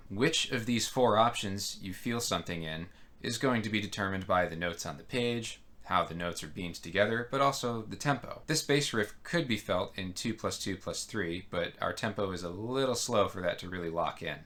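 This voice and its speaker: Low bright-toned male music teacher. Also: moderate pace. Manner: explains step by step, counts rhythms aloud. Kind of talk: online music lesson.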